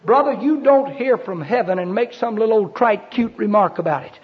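A man preaching a sermon, emphatic and fervent, breaking into sudden shouts. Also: sits high, fairly quick. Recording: dull lo-fi sermon recording.

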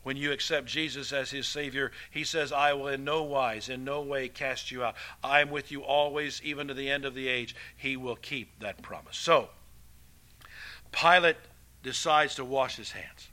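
A man preaching a sermon with animated delivery, swinging from loud emphatic passages to quiet, hushed ones. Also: mid-range voice, moderate pace.

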